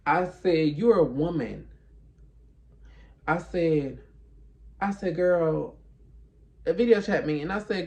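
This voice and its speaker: Sassy guy with a kinda high, gravelly voice telling a storytime, plays out both sides of convos. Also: unhurried, long pauses. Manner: sassy, emphatic, acts out both sides of conversations. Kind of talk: casual storytime monologue.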